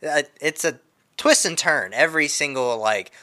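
A man's voice: a little high, lively intonation, normal speed, sharp tone. A man co-hosting a casual podcast about films, talking enthusiastically and swearing freely. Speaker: podcast co-host.

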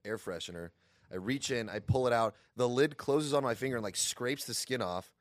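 A man's voice: mid-range voice, moderate pace, no echo, clean studio sound. A man, a comedian, chatting casually in an offhand, rambling way, with casual swearing. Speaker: comedian, podcast co-host. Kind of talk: casual chat.

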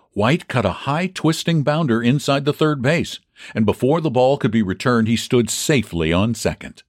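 Man reading a story with lively expression. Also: medium pitch, no room sound, clean studio sound. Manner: expressive reading, shouting out the fans' cries. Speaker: audiobook narrator. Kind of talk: scripted narration of a classic baseball story.

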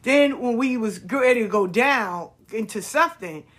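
Husky-voiced woman podcast host. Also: fairly high pitch, moderate pace. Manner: expressive, swears freely, repeats phrases. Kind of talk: casual storytelling monologue.

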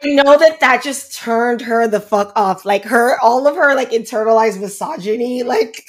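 A woman's voice: on the high side, normal speed. A woman from Miami, guest on a podcast, talking bluntly and candidly with lots of "like" fillers. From Miami, United States. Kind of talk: casual chat.

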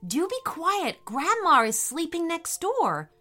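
A kind, fussing storybook mother, voiced by a woman. She talks gently, with a bright tone that moves up and down a lot. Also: very high-pitched, very animated, slow pace, faint music behind, voice pushed up, exaggerated voice. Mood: gentle.

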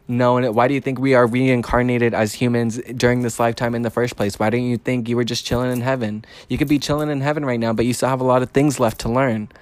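A man hosting a podcast, telling a personal story in a casual monologue, blunt and profane, his voice rising in pitch when he gets fired up. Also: no room sound. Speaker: podcast host.

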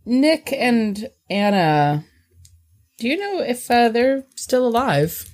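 A woman's voice: fairly high pitch, big pitch swings, takes it slowly, a little mellow. A woman playing a blunt, odd young woman who asks pointed questions in a dry, matter-of-fact way. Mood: wry.

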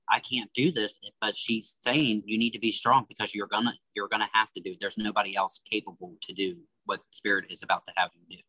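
Bright-toned man giving a spirit reading. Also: lowish voice, no echo, low-quality recording. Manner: relays messages in quotes, earnest. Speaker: psychic medium guest.

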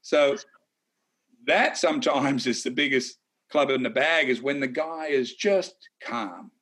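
A man co-hosting a casual golf betting chat, talking in a chatty, animated way with folksy asides. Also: medium pitch, a little slow. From Australia. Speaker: golf analyst co-host.

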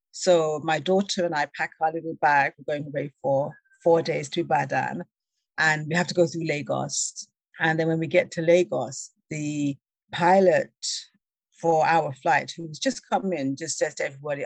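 A woman telling a personal travel story in a conversation, lively and laughing, acting out the voices of the people she quotes. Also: low-pitched, moderate pace, vocal fry, dry recording. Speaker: guest.

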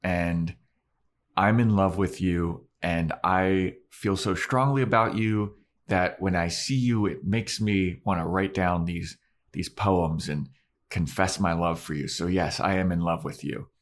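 A man's voice: deep voice, a little slow. A man acting out a lovesick young poet who whines and stammers with earnest feeling. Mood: pleading.

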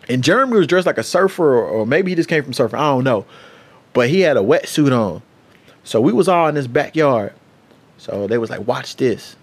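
A young man, hosting his own podcast and telling a story in a loose, profane, animated way. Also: a little high. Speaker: podcast host. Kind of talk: casual solo podcast storytelling.

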